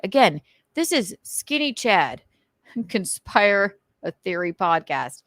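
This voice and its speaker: A woman host with a transatlantic accent, ranting casually about online comments with crisp enunciation and goofy, theatrical outbursts. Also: medium pitch, pushed and bright, no echo, studio quality. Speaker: show host.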